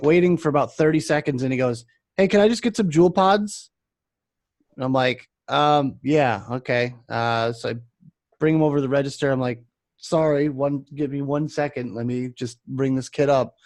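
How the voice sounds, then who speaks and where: Clean studio audio with no room sound captures a young man chatting casually about vape shop customers. He tells the stories with animation, slipping into a higher voice to act them out.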